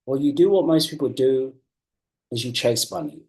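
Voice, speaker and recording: A man giving a motivational coaching talk, earnest and emphatic, repeating key phrases and slowing down to drive points home. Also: mid-range voice, very animated, warm tone. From New Zealand. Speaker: business coach.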